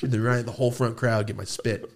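A young man co-hosting a casual podcast, ranting in an animated way and swearing freely. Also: mid-range voice, fast talker, a little hiss or hum. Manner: animated ranting, swearing, jumps into shouted impressions. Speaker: podcast co-host.

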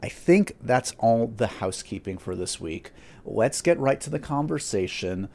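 A man hosting his podcast in casual chat, animated and self-deprecating with quick asides. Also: mid-range voice, gravelly. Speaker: podcast host.

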